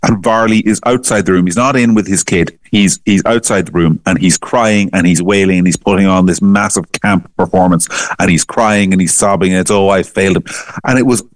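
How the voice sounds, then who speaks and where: A man's voice: sits low, brisk, few pauses, no echo, clean studio sound. A man, a guest commentator giving emphatic opinions and often repeating words as he starts a sentence. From Ireland. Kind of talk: opinionated political talk.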